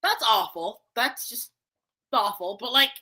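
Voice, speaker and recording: Brief: high-pitched woman, very animated delivery, bright tone, casual crude reaction banter. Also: a little slow, breathy edge. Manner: swears freely, laughs often, repeats words. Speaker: co-host reacting to videos.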